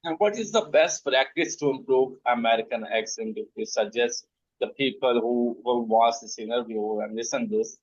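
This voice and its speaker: A man's voice: medium pitch, normal speed, muffled recording. A man, interviewing a coach in a hesitant way, searching for words.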